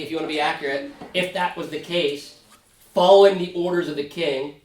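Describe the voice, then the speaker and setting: A male pastor leads a relaxed Bible study in a church classroom, his voice a touch high for a man. He talks conversationally, often checking in with the class. The sound is roomy and picked up from a distance. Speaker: pastor teaching Sunday school. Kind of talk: casual Bible study teaching. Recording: roomy, from far off mic.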